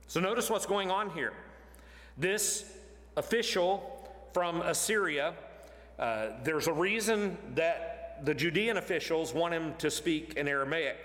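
A man preaching an expository sermon, animated and emphatic, pushing his voice up to stress points. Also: on the high side, measured pace. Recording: long hall reverb.

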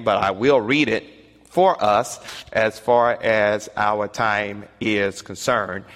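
A man teaching an online Bible study in a fairly low voice, measured and full of fillers. He keeps circling back to the same stock phrases. The sound carries a long reverb. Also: fairly bright tone. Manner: measured, repeats "as far as ... is concerned", many fillers.

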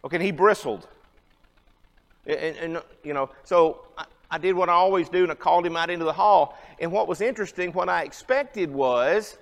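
A man in his fifties teaches a church Bible class, high in pitch and conversational. He keeps asking his listeners questions. His voice rings on in a long hall echo. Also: animated, moderate pace, fairly bright tone. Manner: conversational, asks the audience questions.

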